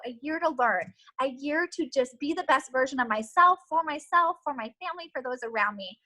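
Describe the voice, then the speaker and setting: High, bright earnest woman cheering on. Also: lively intonation, fairly quick, few pauses, poor audio. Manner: earnest and emotional, many ums. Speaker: team leader giving a training. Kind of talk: motivational pep talk.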